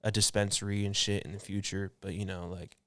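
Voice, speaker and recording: Man, twenties, podcast guest; easygoing, rambling, low smooth voice. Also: little pitch movement, brisk, fairly bright tone, no room sound, clean studio sound. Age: 20s. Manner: laid-back, rambling with many fillers. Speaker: podcast guest, clothing designer. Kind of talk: casual chat.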